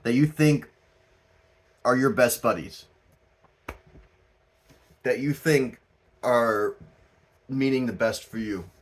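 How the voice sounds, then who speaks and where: Slow-talking man giving a casual tarot reading. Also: mid-range voice. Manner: laughing, swearing, rambling and animated. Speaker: tarot reader.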